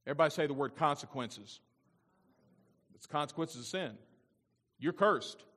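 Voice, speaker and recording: A male pastor preaching a sermon, repeating his points and swinging between loud emphasis and quiet intensity. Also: on the high side, animated, normal speed. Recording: long reverb of a large hall.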